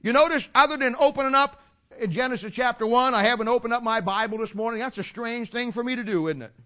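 Emphatic folksy preacher, lo-fi sermon tape. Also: male voice, very high voice, fast, bright, forceful tone. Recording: dull lo-fi sermon recording.

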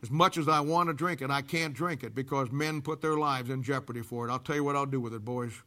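A man voicing a humble, moved king and army commander who speaks in a solemn, gentle, halting way. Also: mid-range voice, close to an everyday voice.

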